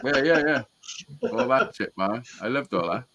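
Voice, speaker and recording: Over a loud crowd and poor audio, a man with an expressive mid-range voice speaks at a moderate pace. He hosts a live call-in stream, telling casual stories packed with swearing and laughing at his own tales.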